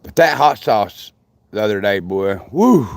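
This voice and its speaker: Older guy on a livestream, slow easy talk, folksy rambling, dry close sound. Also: on the low side, big pitch swings, gravelly, dry recording. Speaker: livestream host. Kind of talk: casual live chat with viewers.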